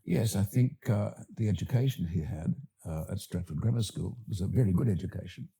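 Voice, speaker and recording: An older Australian man, an actor and director, talking as a podcast guest in a thoughtful, halting way with many fillers and restarts. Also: deep voice, creaky, warm tone, husky. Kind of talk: podcast interview.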